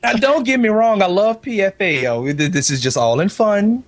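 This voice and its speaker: This man talks high and bouncy, his pitch leaping around as he laughs through playful trash talk. He is a guest on a casual podcast, calling in from home. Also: animated, normal speed, slight background noise. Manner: loud laughing, trash-talking banter.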